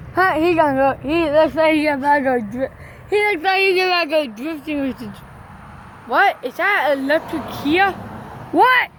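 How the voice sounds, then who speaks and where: A young woman vlogging from a roadside, chatting excitedly and calling out to passing trucks. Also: high voice, unhurried, pauses often, slight background noise. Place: roadside outdoors by traffic.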